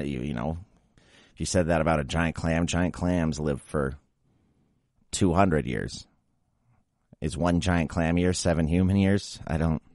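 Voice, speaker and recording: A man's voice: rumbling low, darkish tone, no room sound, clean studio sound. A young adult man hosting a pet podcast, grumbling and exasperated in a casual solo rant, feeling a bit sick after drinking. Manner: grumbling, exasperated, mocks baby talk. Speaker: podcast host.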